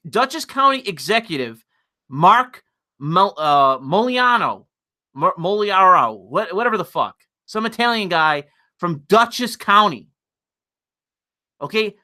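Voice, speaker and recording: A man giving an exasperated, profanity-laden political rant on a livestream. His voice swings up and down all the time, with a bright, sharp edge, and he keeps repeating himself and restarting mid-sentence. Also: high voice. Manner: repeats words and restarts when worked up. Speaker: political commentator.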